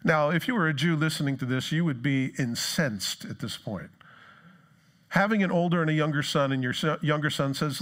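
A man preaching a sermon in a church, animated, acting out the voices of people in the story. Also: a little high, moderate pace. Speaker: pastor.

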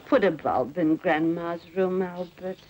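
A woman's voice: fairly low pitch, a little slow, natural voice. An actress playing a clinging, reproachful widowed mother in a 1960s TV drama. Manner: reproachful, wheedling. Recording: dull 1960s TV audio with faint hiss.

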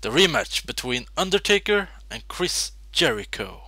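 A man casually commentating his own wrestling video game, excitable, jumping between loud shouts and quiet muttering. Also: fairly high pitch, normal speed, background noise.

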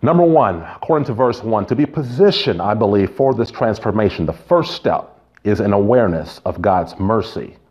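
A man's voice: lowish voice, moderate pace, a little mellow, muffled recording. A man preaching a sermon as pastor, in a conversational way, telling stories and adding asides.

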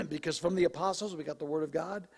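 A man preaching a sermon as pastor in a conversational, joking way, his voice slightly hoarse as he clears his throat. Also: fairly high pitch, fast talker. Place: church sanctuary. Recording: live church recording with long reverb.

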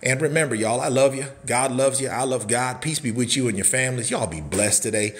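A man in his forties with a medium-pitched voice walks through a prefab cabin at a brisk clip. A cabin seller and social media host, he's folksy and hyped, shouting catchphrases and whooping between points.

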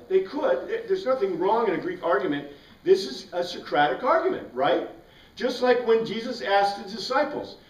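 A man teaching a Bible class, questioning his students and answering his own questions. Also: a little high. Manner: asks the class questions and answers them himself. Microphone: far from the mic. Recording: roomy, distant, dull classroom recording.

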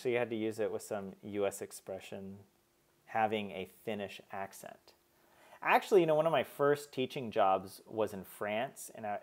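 A man chatting casually on a live stream, chatty and self-mocking, laughing at his own slips. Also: medium pitch. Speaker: streamer learning a language.

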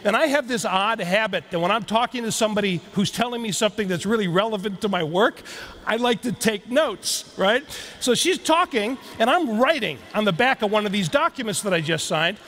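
A man's voice: high voice, brisk. A middle-aged man giving a keynote speech to a live audience, telling stories and talking straight to the crowd. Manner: storytelling, animated, addresses the crowd directly. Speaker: keynote speaker. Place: large hall with live audience.

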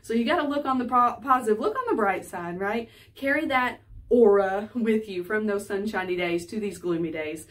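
A woman, a life coach chatting to camera from her small office in a bubbly, animated way. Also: medium pitch, normal speed, far from the mic. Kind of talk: casual talking-to-camera vlog.

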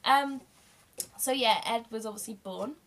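A woman's voice: fairly high pitch, unhurried, fairly bright tone. A young woman candidly telling a long personal story in a rambling, emotional way. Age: young adult. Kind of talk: casual storytelling vlog.

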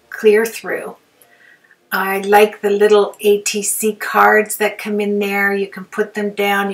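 A woman hosting a hands-on craft demo, rambling cheerfully and talking herself through each step. Her voice sits at a middling pitch and sounds a little distant from the microphone, as if she is leaning over a worktable. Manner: rambling, talks to herself while working, laughs often. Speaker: craft tutorial host. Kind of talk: chatty hands-on craft demonstration. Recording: voice a bit far from the mic.

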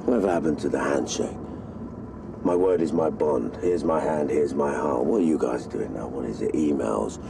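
A gravelly, deep-voiced village boss. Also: male voice. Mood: menacing. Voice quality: profane, threatening, slow emphatic delivery. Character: menacing middle-aged male village crime boss. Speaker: local crime boss. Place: inside a car. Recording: loud car engine noise.

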